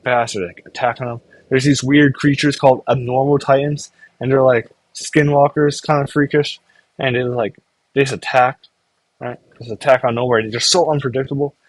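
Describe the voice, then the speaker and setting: Casual male reviewer, middle pitch, dry sound, loose filler-heavy storytelling that slips into quick character bits. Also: no room sound. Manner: rambling, filler-heavy, full of "like"; briefly acts out characters' lines. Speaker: anime reviewer. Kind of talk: casual episode recap.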